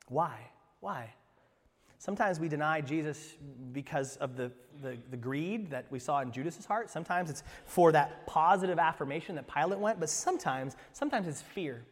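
A male pastor delivering a sermon, telling stories animatedly and swinging from hushed to loud. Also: fairly high pitch, long reverb tail.

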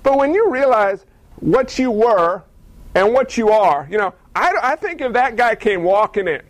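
A male pastor delivers his sermon with a strikingly high voice. He preaches in an animated way and acts out the people in his stories. The sound is dry and close. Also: normal speed, dry recording, rough recording.

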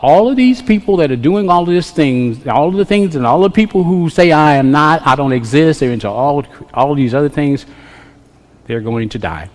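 A man delivers a sermon in a church, his voice a touch higher than most. He moves from hushed, slow stretches to loud, fast bursts and hammers home repeated refrains. A long reverb trails after every phrase. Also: big pitch swings. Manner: dynamic, swings from quiet to loud, repetitive refrains. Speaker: preacher. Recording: long reverb of a large hall.

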